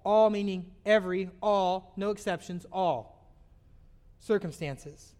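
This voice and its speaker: A man's voice: sits high, slow, a little mellow. A man preaching a sermon, speaking earnestly and slipping into acted-out voices of everyday complaints. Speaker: pastor.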